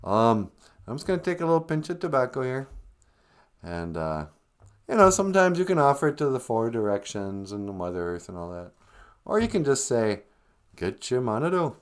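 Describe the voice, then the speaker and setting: Male livestream host, casual joking chat, lively swinging pitch. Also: a little fast, smooth. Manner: joking storyteller, acts out voices.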